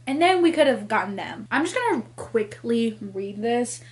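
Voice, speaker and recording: A woman book vlogger ranting casually in an exasperated way, fast, with lots of fillers. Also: a little high, sing-song. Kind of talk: casual reading vlog.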